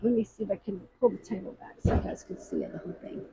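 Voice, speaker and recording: A woman's voice: mid-range voice, steady tone, fast, warm tone, husky, low-quality recording. A woman chatting her way through a floral craft tutorial, repeating little phrases as she works at a table.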